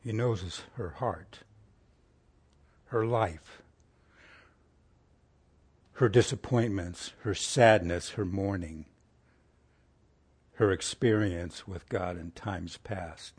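A man preaching a conversational sermon in a folksy way, asking his listeners rhetorical questions and sinking to a soft, hushed tone for tender passages. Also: low-pitched, slow, pauses often, husky.

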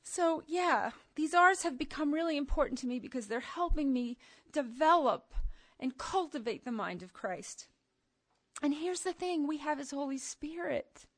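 A middle-aged woman preaching to a women's gathering, emphatic and animated, moving from soft asides to loud outbursts. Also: sits high, normal speed, no echo, studio quality. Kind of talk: sermon.

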